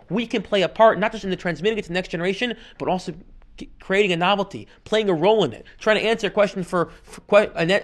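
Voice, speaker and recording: Man, rabbi giving a class, high voice, animated lecturer, loud then hushed. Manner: animated storyteller, switches between loud and hushed delivery. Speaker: rabbi teaching a Talmud class.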